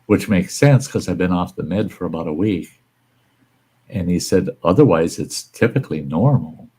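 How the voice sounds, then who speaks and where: A man with a deep, low voice hosts a casual livestream chat. He tells his stories bluntly, swearing freely and acting out each person in them. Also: darkish tone, husky. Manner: blunt, profane, acts out the people in his stories. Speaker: livestream host.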